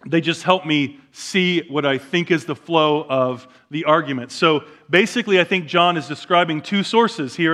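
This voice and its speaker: A man pastor preaching a sermon in a church, moving between quiet, slow asides and loud, emphatic declarations. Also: high voice. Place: church sanctuary.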